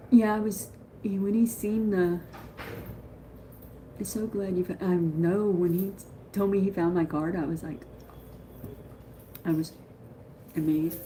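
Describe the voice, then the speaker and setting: A woman chatting on a live stream in a rambling, excitable way, greeting viewers as she talks. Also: mid-range voice, slight background noise. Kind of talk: casual live-stream chat.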